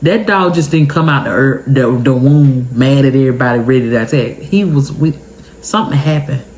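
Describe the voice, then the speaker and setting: A young adult woman telling an emotional storytime vlog, tearful and expressive, talking straight to her viewers. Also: a bass voice, normal speed, a little hiss or hum. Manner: expressive, heartfelt, chatty, addresses viewers directly. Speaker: vlogger.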